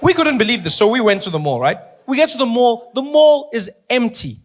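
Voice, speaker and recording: A man with a South African accent doing animated stand-up storytelling, acting out the people in it. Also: very high voice, brisk. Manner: animated, playful, acts out characters. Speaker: stand-up comedian.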